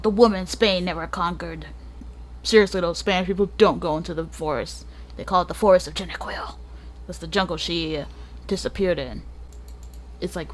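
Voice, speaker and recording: A woman's voice: on the low side, slight background noise. A woman hosting a gaming channel, reading a book aloud and breaking off for joking asides, sometimes stumbling over hard names.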